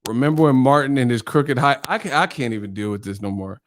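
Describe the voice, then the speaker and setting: A man's voice: mid-range voice, fast talker, a little hiss or hum. A male channel host in a casual live-stream chat, telling stories animatedly and laughing often.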